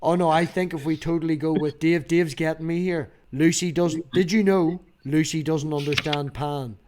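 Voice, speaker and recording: A man's voice: on the high side, fairly even intonation, normal speed, a little mellow. A man from the UK hosting a casual group chat, joking and teasing his guests. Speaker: podcast host.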